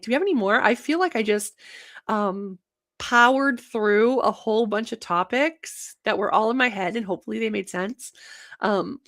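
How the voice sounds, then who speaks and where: A young woman hosting a casual livestream show, talking fast and energetically with many fillers. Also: medium pitch, fairly bright tone. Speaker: host of a banking livestream show.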